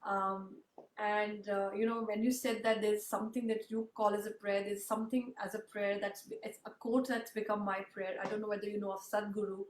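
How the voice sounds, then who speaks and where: A woman's voice: mid-range voice, little pitch movement, brisk. A woman hosting an interview, talking in an earnest, reflective way and rambling with many fillers. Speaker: interview host. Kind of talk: casual conversational interview. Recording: roomy sound with faint background noise.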